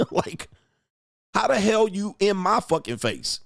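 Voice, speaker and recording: A man's voice: high-pitched, big pitch swings, slow pace, vocal fry, no room sound, studio quality. A man in his forties hosting a livestream, ranting crudely and boisterously, mocking critics and reading viewer comments aloud. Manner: profane, boisterous, mocking, reads viewer chat. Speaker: livestream host.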